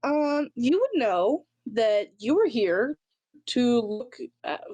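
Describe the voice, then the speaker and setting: A woman narrating as dungeon master, describing scenes in a measured, descriptive way. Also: fairly high pitch, big pitch swings, dark tone, poor audio. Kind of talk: narrating a tabletop game.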